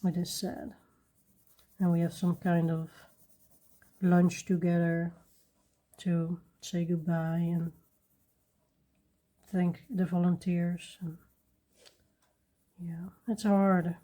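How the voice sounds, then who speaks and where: A woman hosting a coloring video, chatting casually and rambling softly while she works at her desk. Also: lowish voice, level tone, slow, pauses often. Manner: soft-spoken, rambling, with little laughs. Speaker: coloring channel host.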